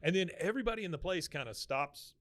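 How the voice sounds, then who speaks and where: A man's voice: sits high, animated, quick pace, fairly bright tone, dry recording. A man co-hosting a podcast, casually recapping a cartoon episode and often laughing as he retells scenes. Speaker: podcast co-host.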